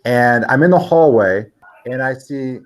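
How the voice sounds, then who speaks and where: A man hosts a casual school podcast with an easy, mid-pitched voice. He tells stories with playful quoted asides. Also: unhurried. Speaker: podcast host, school principal.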